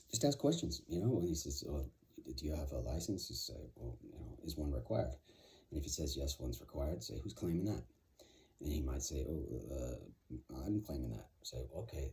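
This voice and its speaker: A man's voice: a bass voice, a little mellow. A man talking casually and confidently, rambling with many fillers and restarts. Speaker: vlogger. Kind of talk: casual monologue.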